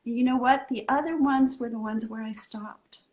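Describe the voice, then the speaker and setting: A woman from California, a guest artist in a casual interview, telling her story in an animated way and acting out the scene. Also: on the high side, moderate pace, a little hiss or hum.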